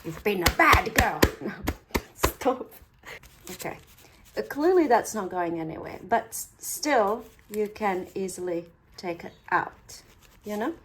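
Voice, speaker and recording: A woman's voice: mid-range voice, animated, slow, a little mellow, slight background noise. A woman chatting casually through a craft tutorial, talkative and playfully sarcastic.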